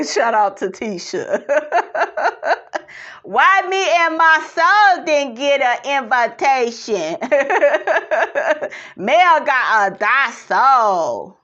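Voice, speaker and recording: A woman's voice: on the high side, a bit bright, muffled recording. A woman casually recapping a reality TV episode, sassy and chatty, laughing often and calling people honey.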